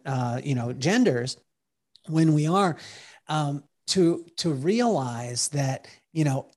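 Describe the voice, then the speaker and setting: A man telling animated stories as a podcast guest, acting out what people said and breaking into song, with halting restarts when he explains a point. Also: on the high side. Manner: lively storyteller who acts out quotes and sings bits. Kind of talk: animated storytelling in conversation.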